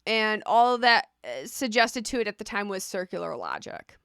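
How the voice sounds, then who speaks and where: Woman, casual vlog talk, chatty, repeats "right?", bright tone, dry sound. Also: mid-range voice, big pitch swings, moderate pace, vocal fry, smooth, dry recording. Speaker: vlogger.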